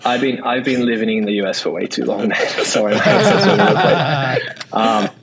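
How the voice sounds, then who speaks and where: Fast-talking Australian man. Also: mid-range voice, lively intonation, very noisy. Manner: quick, loose talk full of "like" and "right?"; restarts and repeats words. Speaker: podcast guest, investor. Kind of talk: casual interview chat.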